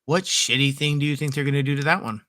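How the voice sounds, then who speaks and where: A man with a bright, forceful voice trades quick, chipper remarks in a casual podcast chat. His sound is dry and close to the mic. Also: a little high, fairly even intonation, dry recording. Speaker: co-host.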